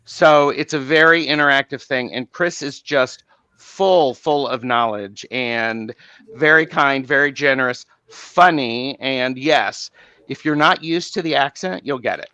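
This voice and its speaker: Man with a forceful, dry voice chatting. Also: mid-range voice, smooth, no room sound. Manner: measured, friendly, praising others with many fillers. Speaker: guest. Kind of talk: casual chat.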